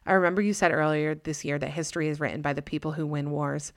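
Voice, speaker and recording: A woman's voice: low-pitched, little pitch movement, fast, no echo, clean studio sound. A woman voicing an earnest, tearful young girl who pleads to be heard.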